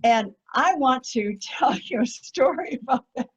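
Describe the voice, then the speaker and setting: Animated husky woman telling a story. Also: sits high, measured pace. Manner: animated, laughs often, many fillers. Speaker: guest speaker. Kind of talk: enthusiastic storytelling talk. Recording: muffled lo-fi audio.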